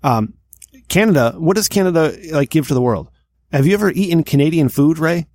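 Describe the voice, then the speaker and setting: A man's voice: on the high side, expressive, a little fast, darkish tone, no room sound, studio quality. A young man co-hosting a casual comedy podcast, reading a news item aloud and ranting with profanity and mocking asides. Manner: profane, mocking rants with mock accents. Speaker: podcast co-host.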